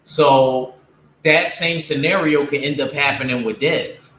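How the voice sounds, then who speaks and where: A man's voice: mid-range voice, fairly even intonation, a little slow, fairly bright tone, reverberant, slight background noise. A man giving blunt, opinionated boxing commentary to his viewers, casual and slangy, with lots of fillers. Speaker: streamer talking boxing with viewers.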